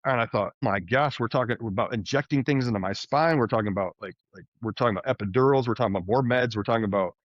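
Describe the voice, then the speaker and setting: Animated male podcast guest, muffled audio. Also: fairly low pitch, quick pace, hardly any pauses, dry recording. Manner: animated, frequent restarts and fillers. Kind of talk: conversational storytelling.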